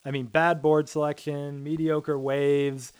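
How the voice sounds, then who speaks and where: A man's voice: a little high, level tone, measured pace, smooth. A man co-hosting a casual chat, earnest and ranting, with rambling asides. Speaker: podcast co-host.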